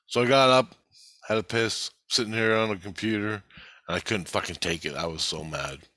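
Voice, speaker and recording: A man with a fairly low but bright, forceful voice tells a rambling story of a spiritual experience, swearing constantly and sounding worked up. The sound is dry and close, with almost no room around it. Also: moderate pace, no room sound. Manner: heavy swearing, agitated and rambling. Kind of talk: casual spoken monologue recounting a spiritual experience.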